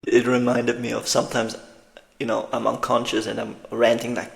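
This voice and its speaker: A man hosting a conversation, animated and quick to repeat himself when excited. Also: mid-range voice, gravelly. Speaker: host. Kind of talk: conversational interview.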